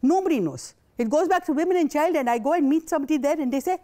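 A woman's voice: high voice, lively intonation, fast, warm tone. An older woman, giving a passionate, indignant conference talk. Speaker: invited speaker.

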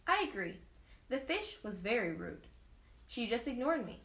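A woman's voice: on the high side, very animated, measured pace, a bit bright, roomy sound, pitched above the performer's own voice, exaggerated voice. A woman voicing a demanding, easily offended little boy in a storybook read-aloud, raised and huffy. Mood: indignant.

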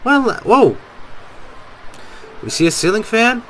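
Excitable young-sounding man reacting. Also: sits high, unhurried, a little hiss or hum. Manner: excitable, exclamatory, laughs a lot. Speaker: reaction video host. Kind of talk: casual reaction commentary.

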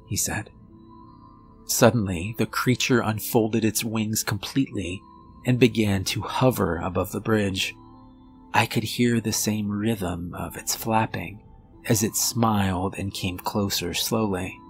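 A man reads a scripted horror story in a low, unhurried voice. His delivery is measured and steady, with faint music under it. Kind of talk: scripted narration.

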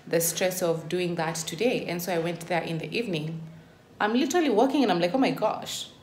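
Exasperated young woman ranting in an echoey room. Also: on the low side. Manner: exasperated ranting, emphatic "literally". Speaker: vlogger. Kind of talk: casual vlog monologue. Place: indoors at home. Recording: echoey room, faint ambient noise.

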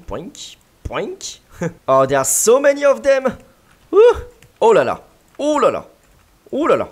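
A gaming video creator giving playful let's-play commentary, full of yelps, giggles and mouth sound effects. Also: mid-range voice.

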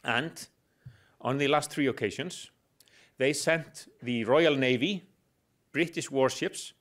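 A man's voice: medium pitch, takes it slowly, fairly bright tone. Man giving a dry-humored lecture. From Iceland. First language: Icelandic. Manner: explanatory with dry humor, hesitant fillers. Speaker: guest lecturer. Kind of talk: public lecture.

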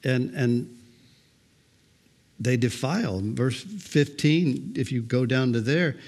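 A man's voice: medium pitch, lively intonation, takes it slowly, a little mellow. An older man preaching a sermon as pastor, talking in a loose conversational way and often repeating words as he goes.

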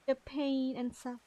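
High-pitched streamer woman, dramatic and playful. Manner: playful, dramatic, squealing and fake-sobbing over a game character. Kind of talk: casual game livestream commentary. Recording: faint game music behind.

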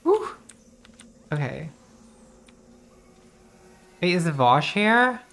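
A woman's voice: low voice, moderate pace. A woman streamer giving casual, rambling commentary while playing a game, distracted and swearing as she talks to herself.

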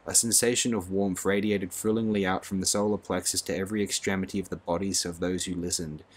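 A male audiobook narrator reads a classic novel aloud. His voice sits very low. He reads expressively, letting the prose swell with the scene. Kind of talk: scripted narration.

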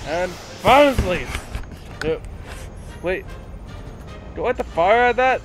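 A teenage boy talks over loud game music in an unhurried drawl, his pitch swooping up and down. He jokes around and swears. He now and then bursts into silly shouts while playing. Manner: goofy, excitable, swears, jumps into silly shouts. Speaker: let's play commentator. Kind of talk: casual gameplay commentary. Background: video game music.

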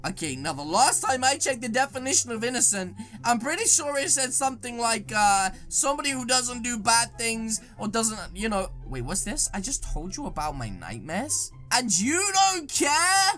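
A woman giving excitable gaming commentary, reacting with dramatic exclamations. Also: a little high, moderate pace, hardly any pauses, soft background music. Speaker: gaming YouTuber.

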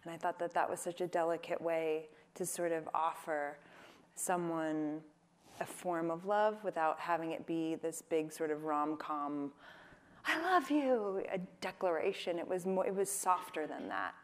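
Woman onstage answering fan questions, kinda low voice, jokey asides. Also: steady tone, normal speed. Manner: playful, joking asides. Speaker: interview guest, singer-songwriter. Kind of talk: onstage interview Q&A. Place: onstage at a live event.

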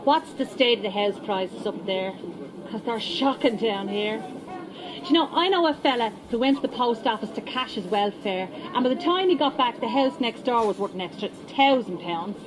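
A woman's voice: a little high, animated, normal speed, a crowd in the background, natural voice, poor audio. A woman playing a chatty, nosy Dublin market stall trader in a radio comedy sketch, with a Dublin accent. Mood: gossipy.

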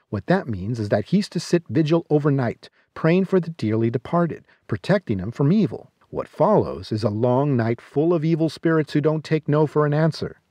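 A man's voice: fairly high pitch, warm tone, dry recording. A man hosting a podcast, reading scripted film reviews with sardonic, jokey asides. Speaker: podcast host.

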